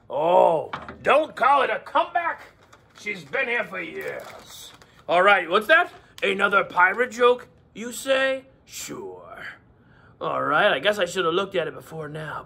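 Gravelly, hammy male teacher, lively. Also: sits high, a little hiss or hum. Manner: hammy, joking, slips into a gruff pirate voice. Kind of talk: playful lesson for children.

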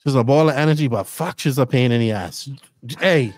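A middle-aged man hosting a podcast, telling rambling, animated stories in casual chat. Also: medium pitch, fairly quick, dry recording. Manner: rambling, animated storytelling with laughs. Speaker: podcast host.

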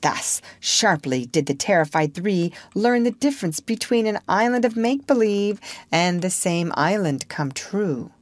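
Slow, lively storybook narrator woman. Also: medium pitch, no echo. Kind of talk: audiobook reading for English learners.

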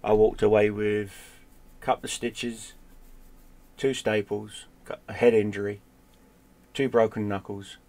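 A middle-aged man with a low, gravelly voice tells a story in a blunt, casual way. He swears freely and drops to a hush at the tense parts. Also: level tone, measured pace, long pauses. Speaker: gaming streamer telling a personal story.

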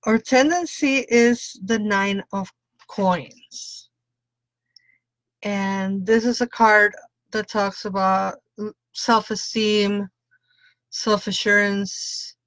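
A woman's voice: mid-range voice, fairly even intonation, drawn-out words, pauses often, fairly bright tone, no echo. A woman tarot reader doing a chatty live-stream reading, greeting viewers by name and laughing often.

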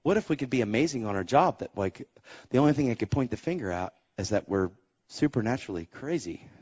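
Male evangelist giving an excitable testimony sermon, lively pitch, muffled lo-fi audio. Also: fast talker, breathy edge. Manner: animated, emphatic storytelling with sound effects. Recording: dull, muffled recording.

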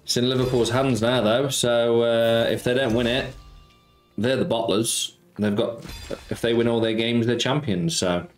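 A chatty man hosts a live slots stream, calling out viewers' names and bantering about football. His voice sits at an ordinary, mid-range pitch for a man. Soft music plays faintly underneath. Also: fairly even intonation, normal speed. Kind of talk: casual live-stream chat.

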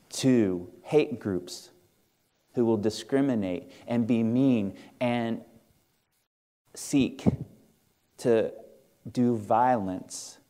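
This Midwestern American pastor has a darkish, somewhat low voice. He delivers an earnest, conversational sermon from a church sanctuary, asking his congregation questions.

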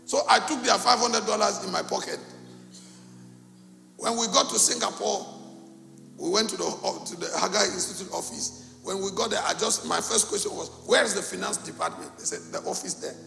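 A middle-aged pastor from Cameroon, preaching a sermon and telling a story with animated, acted-out dialogue in a gravelly voice. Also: male voice, high voice, moderate pace, faint music behind. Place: church hall. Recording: echoey church hall.

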